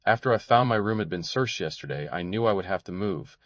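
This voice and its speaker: Man voicing a frightened young woman client in a detective audiobook, tremulous and pleading, raised a little in pitch; dull, dry recording. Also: animated, a little fast, a bit bright, dry recording. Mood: subdued. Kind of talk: audiobook character voice.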